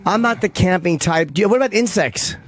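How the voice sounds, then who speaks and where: A man's voice: high voice, animated, a little fast. A man hosting a talk radio show who asks skeptical questions in casual banter. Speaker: radio host.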